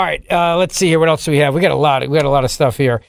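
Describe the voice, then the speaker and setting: Gravelly high-voiced talk radio guy, mocking and sarcastic, dry studio sound. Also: fast, few pauses, no room sound. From Italian heritage, US. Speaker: radio talk show host. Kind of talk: opinionated talk radio monologue.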